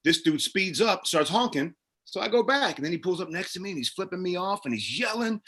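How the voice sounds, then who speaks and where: With a high, brisk voice and a breathy edge, a middle-aged actor-producer shares stories during a casual interview. He gets animated, playing out the characters as he goes.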